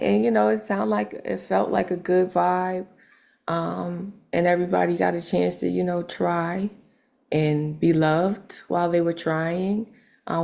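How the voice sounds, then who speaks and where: Woman, poet, low pitch, gravelly, relaxed, reflective, lots of fillers. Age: adult. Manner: relaxed, reflective, with frequent "uh" and "you know". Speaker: poet and open mic host. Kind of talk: casual interview answers.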